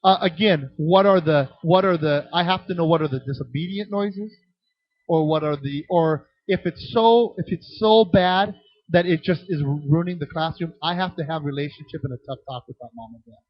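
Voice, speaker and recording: Lively man teaching a ministry workshop. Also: a little high, normal speed, no room sound. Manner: animated, acts out voices in anecdotes, frequent restarts. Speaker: children's ministry trainer. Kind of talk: conference workshop talk with audience questions. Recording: dull lo-fi, dry sound.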